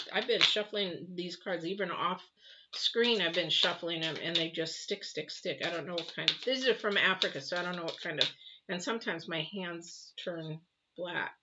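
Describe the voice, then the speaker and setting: A woman's voice: fairly low pitch, moderate pace, heavy background noise. A woman giving a casual spoken tarot reading, rambling through advice with many fillers. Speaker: tarot reader. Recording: dull lo-fi audio.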